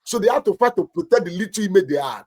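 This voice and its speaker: A man's voice: sits high, lively intonation, quick pace, mellow. A man with a Nigerian accent, a pastor and marriage counselor giving emphatic marriage advice on a talk show. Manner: emphatic, preacherly, acts out little anecdotes.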